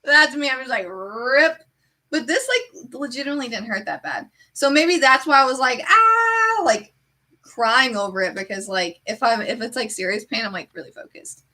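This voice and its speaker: Woman streamer, casual animated chat, bright tone, slightly high voice. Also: brisk. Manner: chatty, heavy use of "like"; animated storyteller.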